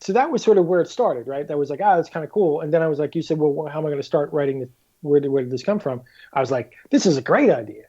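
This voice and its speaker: A male guest author on a casual podcast tells animated stories in a fairly high voice, racing along. He acts out quotes complete with swearing, and the audio sounds dull.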